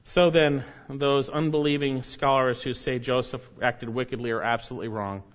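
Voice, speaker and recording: A man's voice: medium pitch, fairly even intonation. Emphatic male preacher, slightly muffled. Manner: emphatic, repeats key phrases, reads scripture slowly. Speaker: pastor. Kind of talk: expository sermon.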